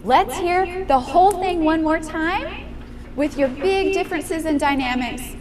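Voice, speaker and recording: A woman's voice: very high voice, measured pace, a crowd in the background. A woman piano teacher coaching a young student in a master class, encouraging and asking guiding questions. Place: room with a piano. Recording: piano music in the room.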